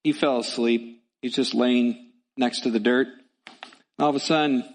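Male pastor, mid-pitched, punchy repetitive preaching in a reverberant church. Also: fairly even intonation, a little slow. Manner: emphatic, repetitive preaching cadence. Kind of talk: sermon.

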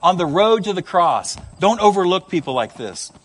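A male preacher voicing Jesus as a calm, gentle, compassionate man, speaking slowly and softly. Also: high-pitched, full character voice. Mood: tender. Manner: slow, soft, tender.

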